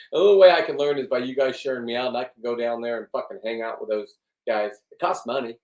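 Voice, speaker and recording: A man's voice: medium pitch, fast talker, a little mellow. A middle-aged man in a rambling, blunt vlog monologue, swearing often and restarting his sentences. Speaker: vlogger. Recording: echoey room, distant from the mic.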